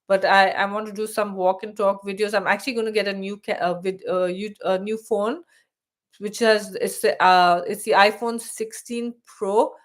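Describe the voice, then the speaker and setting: A middle-aged woman hosts a casual live stream on her YouTube channel, chatting with many restarts while she loses her voice, which is wearing thin. It sits mid-range with fairly even intonation and a normal speed, captured on a live stream setup.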